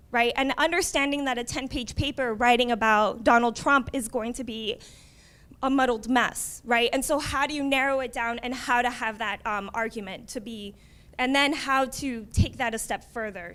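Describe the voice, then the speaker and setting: A woman's voice: on the high side, a bit bright. A woman librarian giving a conference presentation in a conversational way, often adding "um" and "right?". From United States. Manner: conversational, frequent "um" and "right?" tags.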